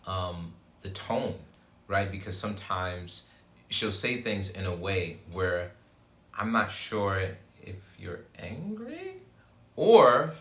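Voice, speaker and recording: A man's voice: low voice, big pitch swings, slow pace, a bit bright. Serious-sounding man chatting in an echoey room. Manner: serious, thoughtful, joking dryly. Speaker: co-host. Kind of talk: casual chat.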